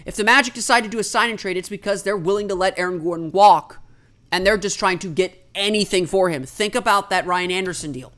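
A basketball analyst with a mid-range, fairly bright voice commentates solo at a brisk pace. He explains trade rules as if thinking aloud, while stating his opinions firmly.

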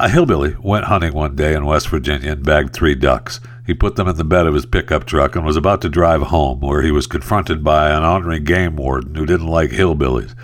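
Wry male host, very low voice, loose joke-telling monologue. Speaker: radio host. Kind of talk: casual talk-show monologue.

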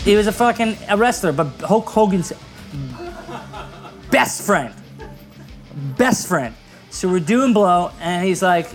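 A man in his forties tells a party story with a lively, swinging pitch, cursing and laughing as he goes. Music hums steadily underneath. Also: moderate pace, long pauses. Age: 40s. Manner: profane, laughing, animated retelling. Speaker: podcast guest. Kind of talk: comedic storytelling.

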